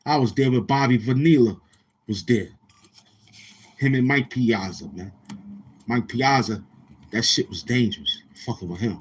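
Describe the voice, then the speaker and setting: A man's voice: medium pitch, unhurried, long pauses, breathy edge. A man from Brooklyn, hosting a livestream and telling rambling, profane stories while calling out to the chat. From Brooklyn, New York. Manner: rambling, profane, keeps asking the chat questions. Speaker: show host.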